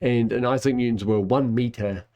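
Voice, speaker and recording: A man's voice: mid-range voice, fairly even intonation, moderate pace, dark tone, dull audio, natural voice. A man doing a confident physicist. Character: famous male physicist, confident and explaining.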